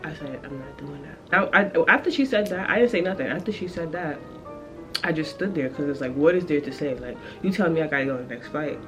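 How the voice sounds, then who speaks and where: A woman's voice: deep voice, animated, quick pace, over music, low-quality recording. A young woman in her twenties chatting casually to the camera, telling a story as a rant and laughing often. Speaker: vlogger. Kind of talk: casual vlog chat.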